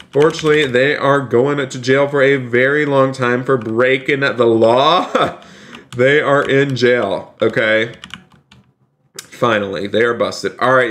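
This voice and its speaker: A man's voice: mid-range voice, a bit bright. A man hosting a live game stream, talking cheerfully to his chat and speaking politely and formally as he plays a police officer. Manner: upbeat, keeps addressing the chat as "you guys". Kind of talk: live game-stream commentary with role-play.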